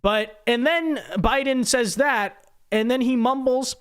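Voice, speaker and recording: Young man, high voice, casual live reaction commentary, rambling, emphatic, talks straight to viewers. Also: slow pace, fairly bright tone, clear, resonant tone. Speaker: political commentary host.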